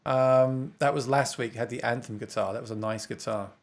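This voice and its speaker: A man's voice: medium pitch, steady tone, normal speed, vocal fry. A man from England with an English accent, hosting a casual livestream chat, talkative and reading viewer comments aloud with frequent laughs. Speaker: host of a guitar livestream.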